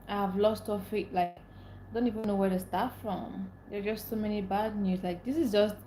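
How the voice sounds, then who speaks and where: A woman's voice: medium pitch, level tone, moderate pace, warm tone, roomy sound, a little hiss or hum, rough recording. Upset young woman ranting on a livestream. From Nigeria. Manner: emotional, ranting, greets viewers by name. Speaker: livestream host. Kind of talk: casual live-stream chat, reading comments.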